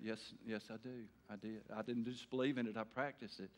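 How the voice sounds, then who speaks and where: A middle-aged male pastor preaching an evening sermon in a folksy way, swinging between loud emphatic bursts and quiet earnest talk. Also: on the low side, steady tone, a little fast, hardly any pauses.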